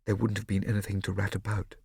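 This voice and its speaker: A man plays a protective teenage boy, blunt and accusing in tone. The voice stays lowish and plain, close and dry. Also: completely flat delivery, fast, vocal fry, darkish tone, breathy edge, no room sound, exaggerated voice. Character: wary teenage boy, older brother, protective.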